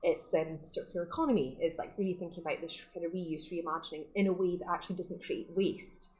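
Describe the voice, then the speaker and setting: A woman's voice: lowish voice, fast talker, darkish tone, poor audio. A woman who runs a sustainable fashion shop, talking in a chatty, enthusiastic way and laughing often in a casual interview. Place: her shop in the Scottish Highlands.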